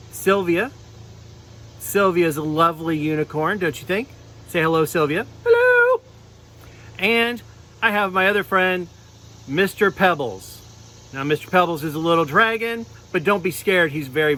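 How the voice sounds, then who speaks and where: A man telling a children's sermon with puppets, in a gentle storytelling manner. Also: on the high side, normal speed, poor audio. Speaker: clergy giving children's sermon.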